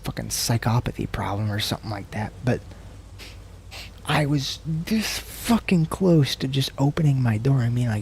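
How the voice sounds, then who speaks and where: A man's voice: expressive, moderate pace, vocal fry, darkish tone, slightly rough. A man from the United States streaming a video game, talking in a casual, profane, rambling way and sometimes dropping to a murmur. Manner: slips into low murmurs and whispers. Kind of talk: casual livestream chat while gaming.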